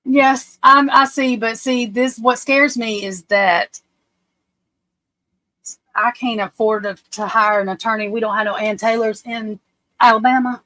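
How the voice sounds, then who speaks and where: A woman's voice: on the high side, little pitch movement, measured pace, a bit bright, no echo, poor audio. A woman hosting a casual livestream, anxious and flustered, often breaking off and restarting her sentences. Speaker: livestream host.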